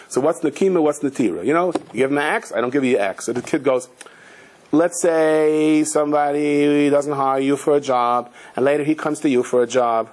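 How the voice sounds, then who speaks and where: Husky-voiced rabbi telling stories. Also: male voice, medium pitch, brisk, darkish tone. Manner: storytelling with Hebrew and Yiddish terms, frequent restarts. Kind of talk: sermon.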